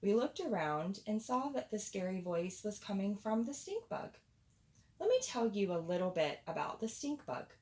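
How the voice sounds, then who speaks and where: A woman reading a children's picture book aloud in a playful, expressive storytelling voice. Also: mid-range voice, moderate pace.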